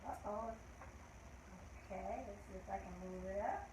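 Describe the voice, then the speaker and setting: An older woman hosting a children's learning show, leading a calendar lesson in slow, encouraging teacher talk with cheerful call-outs. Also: mid-range voice, echoey room, background noise.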